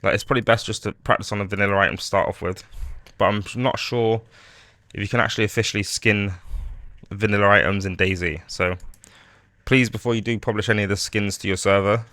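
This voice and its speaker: A man's voice: fairly low pitch, fast, dry recording, studio quality. A man casually talking through a modding tutorial on his screen, rambling a bit, with fillers and restarts. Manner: relaxed, rambling explanation with frequent fillers and restarts. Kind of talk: screen-recorded software tutorial.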